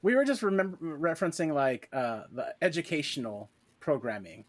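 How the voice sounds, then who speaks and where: A man with a fairly high, bouncy voice joins a casual podcast chat. He throws in quick, lively remarks.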